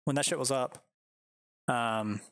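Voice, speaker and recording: A man's voice: mid-range voice, slow pace, a bit bright, no room sound, studio quality. A man chatting casually while streaming a game from home, rambling and laid-back, swearing often.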